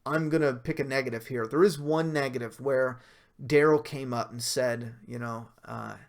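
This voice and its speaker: A man with a medium-pitched, steady voice hosts a casual livestream reviewing a TV episode, reading out viewer comments at a moderate pace. He rambles loosely, full of fillers, restarts, and self-corrections, and laughs between points.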